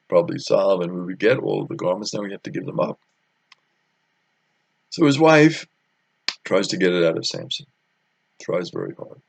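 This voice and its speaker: Man, Bible storyteller: very low, gravelly voice with lively pitch, easygoing and full of fillers. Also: no echo. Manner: conversational storytelling with many fillers. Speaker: Bible teacher.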